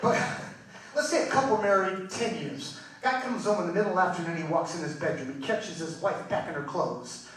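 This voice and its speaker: A man telling jokes live on stage, his voice high and bright as he rattles through one-liners and acts out each character. The sound is captured from far back in a big, echoey showroom, so his voice rings off the walls. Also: brisk, a little hiss or hum. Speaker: stand-up comedian. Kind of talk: live stand-up joke telling. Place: live show stage, Las Vegas.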